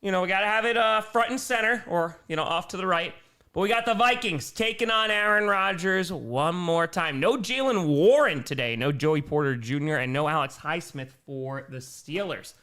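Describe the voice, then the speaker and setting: A man's voice: sits high, moderate pace. A young man with an Upper Midwest American accent, hosting a live football stream from home, calling plays and reading chat comments. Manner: energetic, calls plays and reads chat comments. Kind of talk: live play-by-play and chat reactions. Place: home room.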